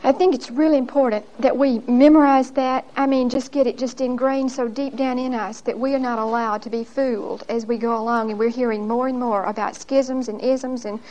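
A woman's voice: on the high side, a little fast, hardly any pauses, low-quality recording. A woman giving a Bible lesson. She tells her stories in an emphatic, folksy way and often laughs as she talks. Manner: lively, laughs often while telling stories. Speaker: Bible teacher.

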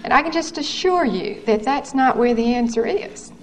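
A woman's voice: sits high, expressive, normal speed, poor audio. A woman in her thirties giving an earnest, candid personal testimony. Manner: earnest, candid storytelling with quoted dialogue. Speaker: testimony speaker. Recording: faint background noise, 1970s recording.

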